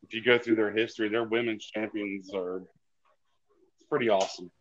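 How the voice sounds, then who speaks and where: A man co-hosting a podcast through his headphones on a call. He gives calm, measured opinions that sometimes come out in quick bursts. His audio sounds dull and dry, with a lo-fi edge. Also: on the low side, no room sound. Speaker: podcast co-host. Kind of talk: casual podcast chat. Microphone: headphones on an online call.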